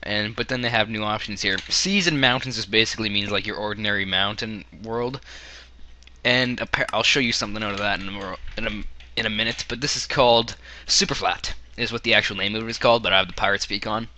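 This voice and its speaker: Hoarse Canadian man, sharp voice. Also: fairly low pitch, fast talker. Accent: Canadian English. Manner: rambling, joking asides. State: hoarse, losing his voice. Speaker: gaming video creator. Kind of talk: casual game commentary.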